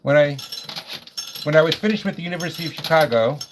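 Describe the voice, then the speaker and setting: A man's voice: fairly high pitch, animated, fast, background noise. A man in his sixties from New York, chatting casually and telling rambling stories, often restarting his sentences. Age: 60s. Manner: rambling, self-correcting storyteller. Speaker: host. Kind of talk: casual chat.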